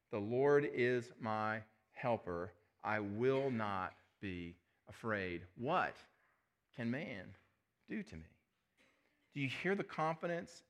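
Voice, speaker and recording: A middle-aged male pastor preaching a sermon, earnest, often dropping his voice to a hush on key words. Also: mid-range voice. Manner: earnest, drops to a soft hush on key phrases.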